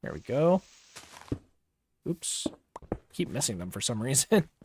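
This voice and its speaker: Slow, rambling young male streamer. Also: medium pitch, slight background noise. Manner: relaxed, rambling, many fillers and pauses. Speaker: livestreamer. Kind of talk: casual gameplay commentary.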